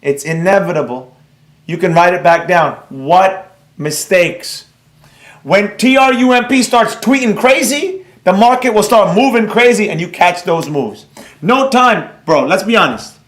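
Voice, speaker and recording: High-voiced guy running a live trading class, blunt and excitable, goes off on tangents. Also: roomy sound. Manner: blunt, excitable, rambling, quick to scold. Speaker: trading teacher. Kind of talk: live class, reading chat.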